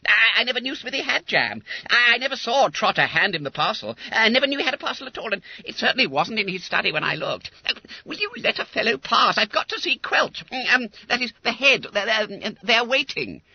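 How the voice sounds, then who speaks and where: A man voicing a greedy, fibbing fat schoolboy in an audiobook, squeaky and stammering, on a dull lo-fi recording. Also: lively intonation, a little fast, creaky, slightly rough, no room sound, heavily acted. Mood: flustered. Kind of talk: audiobook character voice.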